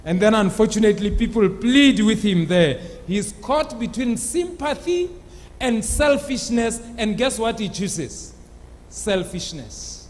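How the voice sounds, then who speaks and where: A male pastor telling a sermon story with dramatic, animated delivery. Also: high-pitched, a little slow, big-room sound. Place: church.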